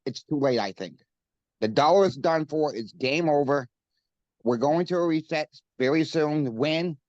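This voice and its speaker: A man's voice: a little high, a little mellow, no echo. Male guest, Maine accent, earnest, rambling, dry muffled sound. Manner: earnest, repeats the host's name, many fillers. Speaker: coin shop guest. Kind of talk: casual interview chat.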